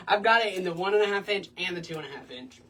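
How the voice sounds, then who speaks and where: A woman's voice: lowish voice, a bit bright, far from the mic. A woman hosting a casual wreath-making tutorial in her home craft room, chatty and bubbly. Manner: chatty, bubbly, breaks into little sing-song bits. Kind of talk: casual crafting demo chat.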